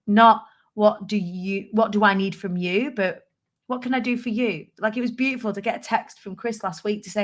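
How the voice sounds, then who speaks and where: Middle-aged woman vlogger, rambling chat to a webcam, mid-pitched voice. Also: fairly even intonation, moderate pace. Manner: chatty, warm-hearted, rambling with fillers. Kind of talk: casual chat to camera. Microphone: computer webcam.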